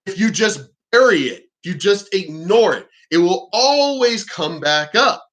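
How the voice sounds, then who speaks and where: A man's voice: high-pitched, expressive, a little slow, fairly bright tone. A man ranting in unscripted commentary, blunt, profane and exasperated, rambling with frequent restarts. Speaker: vlogger.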